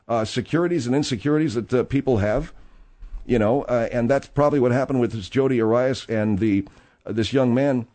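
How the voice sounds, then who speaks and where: A man hosting a comedic talk radio show, deadpan and rambling, often exasperated with his co-hosts. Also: medium pitch.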